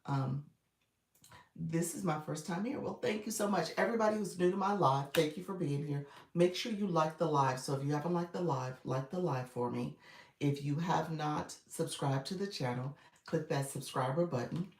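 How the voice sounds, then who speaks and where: A woman's voice: sits low, moderate pace, distant mic. A woman coach chatting casually and encouragingly with her livestream viewers, still in her groggy morning voice. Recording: echoey room, away from the mic.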